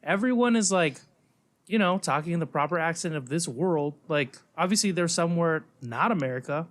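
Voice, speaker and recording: A man in his thirties co-hosting a casual podcast chat, animated and acting out quoted lines. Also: on the high side, a little fast. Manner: animated, acts out quoted voices. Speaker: podcast co-host.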